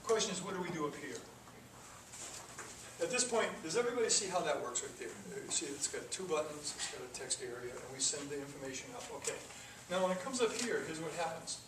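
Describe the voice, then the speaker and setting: Man teaching coding, a touch high, distant mic in a roomy classroom. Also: very animated, quick pace. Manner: rambling, with fillers and restarts. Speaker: programming teacher. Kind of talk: classroom lecture. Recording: echoey room from far off, noisy.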